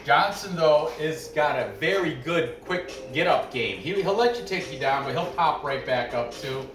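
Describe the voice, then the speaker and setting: A man's voice: a little high, lively intonation, normal speed, far from the mic. A man hosting a sports betting picks show, talking in a loose, rambling way with lots of restarts. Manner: loose, chatty, frequent restarts and asides. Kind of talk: casual rambling commentary. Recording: roomy echo, off-mic, faint music behind.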